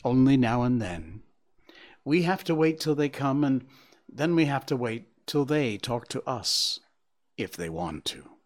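A man voicing a calm, patient mother deer in a storybook reading, speaking softly and reassuringly. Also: unhurried. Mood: gentle. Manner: soft, low and reassuring.

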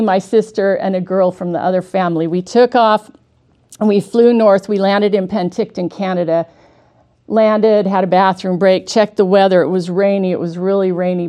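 A woman's voice: on the low side, mellow. A middle-aged woman telling a personal faith story in an earnest, conversational way. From Washington state, USA. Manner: earnest and conversational, with small restarts. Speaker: speaker giving a devotional talk. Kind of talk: heartfelt devotional storytelling.

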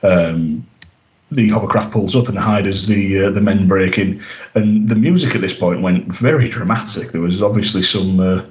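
Chatty low-voiced man. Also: normal speed, highs cut off. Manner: chatty, laughs often, many fillers and restarts. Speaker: podcast host. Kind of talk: casual podcast chat.

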